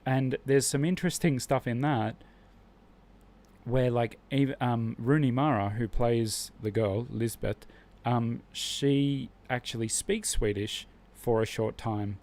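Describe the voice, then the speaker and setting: A man's voice: mid-range voice, slow pace, a little mellow. A man hosting a live stream, talking casually and with strong opinions, rambling and restarting his sentences often.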